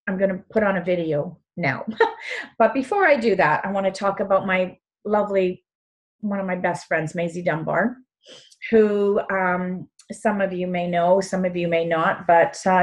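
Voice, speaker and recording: Enthusiastic, sentimental woman host. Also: medium pitch. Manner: enthusiastic, gets emotional and tearful. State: choked up at times. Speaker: show host. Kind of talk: casual chat.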